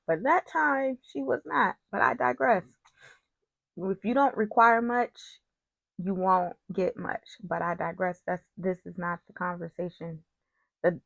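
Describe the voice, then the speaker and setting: A woman's voice: mid-range voice, unhurried, creaky, fairly bright tone, no echo. A woman casually recapping a soap opera, chatty and opinionated, with frequent digressions.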